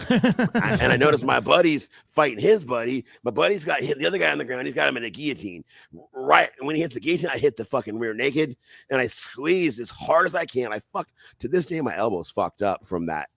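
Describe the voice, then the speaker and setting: A man recounts a fight in a loose, profane podcast chat. His voice is gravelly and full of lively swings in pitch. The sound is dry and close to the mic. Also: fairly quick, no room sound. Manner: animated, profane, acts out voices loudly. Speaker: podcast guest telling a fight story. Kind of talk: casual storytelling.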